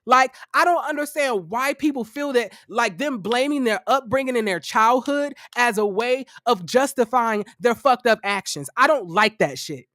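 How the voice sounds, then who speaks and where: A man's voice: very high voice, normal speed, hardly any pauses, no room sound, studio quality. Profane, theatrical man ranting on camera. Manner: profane, animated, dramatic asides; sassy, theatrical sighs and exclamations. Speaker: reality TV commentator. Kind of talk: casual reaction commentary.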